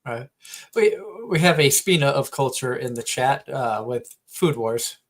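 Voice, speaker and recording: Man, livestream co-host, casual gaming chat, teasing, mid-pitched. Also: measured pace. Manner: teasing, reads off lists.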